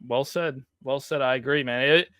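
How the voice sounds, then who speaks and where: A man's voice: medium pitch, normal speed, bright, forceful tone, clear, resonant tone, no echo, clean studio sound. A man co-hosting a sports podcast in a laid-back, agreeable casual way, with many fillers. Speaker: podcast co-host.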